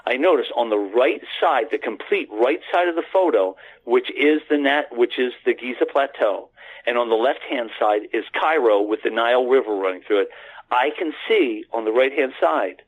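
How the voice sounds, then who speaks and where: This American man's medium-pitched, husky voice moves at a normal speed and sounds animated. Phoning in to a radio program, he rambles earnestly through a long personal story, frequently starting over and using the host's name, all over a thin, tinny connection.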